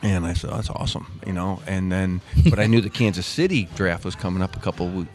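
Low-voiced older man telling stories. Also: steady tone, fast, darkish tone. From Missouri, USA. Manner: rambling, with many restarts and quoted dialogue. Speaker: guest, former pro soccer player. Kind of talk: casual storytelling interview.

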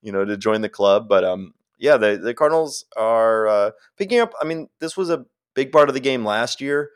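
A man's voice: medium pitch, animated, normal speed, clean tone. A man co-hosting a sports podcast, chatting casually and laughing easily. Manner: laughs easily, loose and joking. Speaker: podcast co-host.

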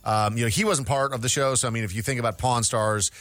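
A man's voice: medium pitch, steady tone, fast, a bit bright, no echo, studio quality. A male radio host in casual chat, steadily summarizing entertainment news stories.

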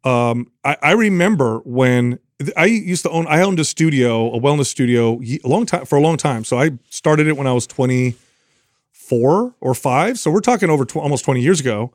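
A man's voice: medium pitch, expressive, normal speed, dry recording, studio quality. A man in his forties co-hosting a podcast, talking emphatically and often repeating words as he starts a sentence. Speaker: podcast co-host. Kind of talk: casual discussion.

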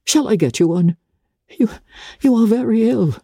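A woman reading aloud voices a gentle, worried gentleman who speaks softly and hesitantly. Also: a little high, expressive, moderate pace, breathy edge, no room sound, clean studio sound, voice pushed up. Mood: concerned. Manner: soft, solicitous, hesitant.

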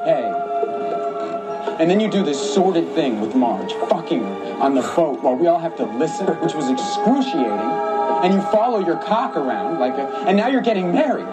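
A man's voice: a little high, sing-song, moderate pace, loud music behind the voice. An actor playing a jealous young man who confronts his friend, accusing, bewildered and pleading in turn, in a film scene. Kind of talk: film dialogue. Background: loud film score.

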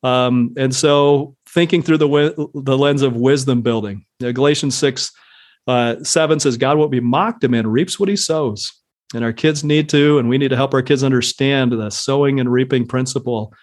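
A man's voice: medium pitch, moderate pace. A man speaking as a podcast guest on parenting, talking thoughtfully with frequent fillers and quoting scripture. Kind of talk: casual podcast conversation.

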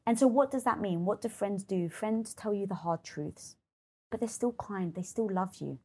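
A woman's voice: medium pitch, moderate pace, darkish tone, husky. A middle-aged woman talking candidly in an interview, acting out her inner critic and swearing freely. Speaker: guest.

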